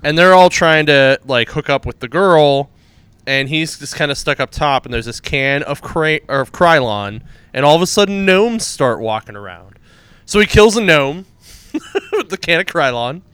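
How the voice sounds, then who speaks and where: A man's voice: a little high, lively intonation, moderate pace, fairly bright tone, clear, resonant tone, no echo. A man co-hosting a casual comic book chat, rambling through plot retellings and laughing at his own jokes. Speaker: podcast co-host reviewing comics.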